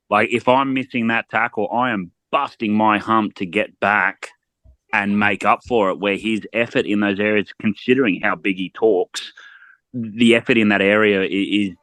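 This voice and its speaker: Aussie bloke, 30s, lowish voice, dry close sound, blunt fired-up fan talk. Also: male voice, fairly bright tone, no echo. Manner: blunt, fired-up, repeats words when heated. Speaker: podcast guest. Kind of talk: casual sports chat.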